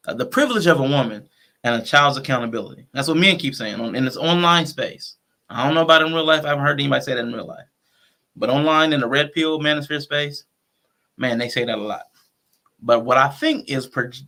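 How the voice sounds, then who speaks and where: A man with a slightly high, gravelly, sharp-toned voice hosts a casual livestream talk show. He talks conversationally with features, restarting sentences as he thinks out loud.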